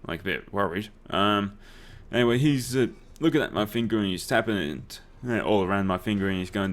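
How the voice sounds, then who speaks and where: A man's voice: on the low side, expressive, brisk, hardly any pauses, a little hiss or hum. Young man spinning yarns. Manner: swears freely, laughs through his stories. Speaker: let's play host. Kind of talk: casual storytelling over gameplay.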